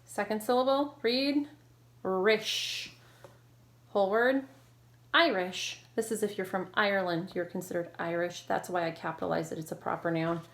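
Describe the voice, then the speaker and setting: A woman's voice: medium pitch, fairly even intonation, normal speed, a bit bright. Encouraging woman teacher leading a reading drill. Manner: encouraging, prompting and praising. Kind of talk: recorded reading lesson for children.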